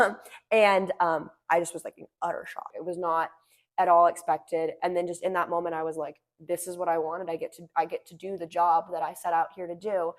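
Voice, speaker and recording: A teenage girl from Washington State, a pageant titleholder, telling stories in a chatty, animated way with lots of "like". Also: on the low side, a little fast. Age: teens. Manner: chatty, animated storytelling, frequent "like". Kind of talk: casual interview chat.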